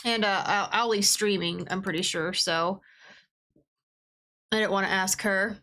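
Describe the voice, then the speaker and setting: A woman's voice: mid-range voice, fairly even intonation, measured pace, pushed and bright. A woman gaming livestreamer chatting casually at her desk, talking bluntly and swearing freely while she plays.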